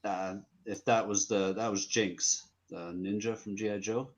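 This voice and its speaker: A man's voice: fairly low pitch, level tone, a little slow. A man talking as a guest on a livestream, friendly and explaining his process at length. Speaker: guest stop-motion creator. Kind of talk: casual livestream chat.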